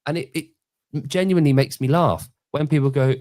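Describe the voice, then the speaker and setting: A man in his forties from Britain hosts a relaxed podcast conversation. He talks with animated, story-driven energy, and his voice sits in an ordinary middle pitch. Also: moderate pace, dry recording, clean studio sound. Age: 40s. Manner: animated storyteller, mimics people in quoted voices. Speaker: podcast host. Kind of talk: casual chat.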